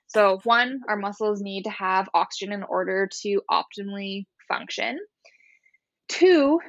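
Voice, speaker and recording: A woman's voice: medium pitch, a bit bright, dry recording, muffled recording. A woman physiotherapist explaining exercises in a casual, chatty way, laughing often and guiding breathing step by step.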